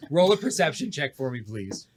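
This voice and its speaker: Relaxed man running a tabletop game. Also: on the high side, brisk, noisy background. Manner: relaxed, says "excellent" often. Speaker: game master.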